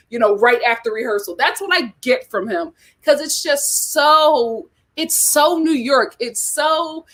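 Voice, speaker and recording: A woman hosting a casual, animated chat about reality TV, laughing often. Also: on the high side. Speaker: host.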